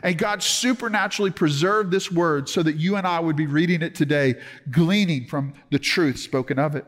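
A man preaching a sermon with earnest emphasis, slowing down to stress key words. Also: fairly high pitch, a bit bright, in a large hall. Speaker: pastor.

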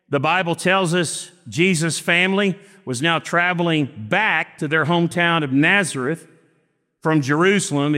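Preacher with a ringing hall echo. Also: male voice, on the high side, bright, forceful tone. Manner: storytelling with acted-out dialogue, slow emphatic phrasing. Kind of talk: sermon. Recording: long reverb of a church hall.

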